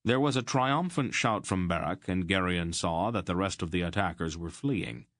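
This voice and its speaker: A man with a low voice narrates a fantasy audiobook. He carries the action at a steady, measured pace. The recording is dry and close, with no room echo.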